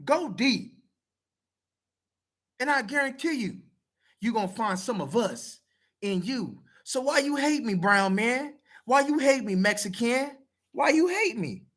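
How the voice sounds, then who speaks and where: A man's voice: very high-pitched, lively intonation, measured pace, long pauses, fairly bright tone. A man talking straight to camera, blunt, profane and heated, repeating himself to press his point. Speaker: video commenter. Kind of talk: casual talk to camera.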